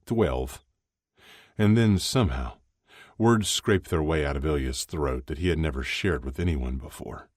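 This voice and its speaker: A man narrating a story aloud in a steady, even storytelling delivery. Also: rumbling low, moderate pace, no echo, studio quality. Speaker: audiobook narrator. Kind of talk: scripted narration.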